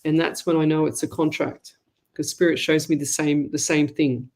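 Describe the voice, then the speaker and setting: A woman's voice: low-pitched, fairly even intonation, moderate pace, a little mellow. Chatty woman giving readings. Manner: chatty, rambling, addresses listeners as lovey. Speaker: psychic medium host. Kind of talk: live online call-in readings.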